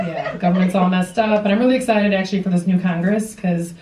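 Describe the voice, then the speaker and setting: A woman's voice: lowish voice, fairly even intonation, quick pace, noisy background. Chatty woman hosting a comedy show. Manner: chatty, self-mocking, playful. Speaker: stand-up comedy host. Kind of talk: stand-up comedy set. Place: theater stage with live audience. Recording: roomy theater sound from a distance, loud audience.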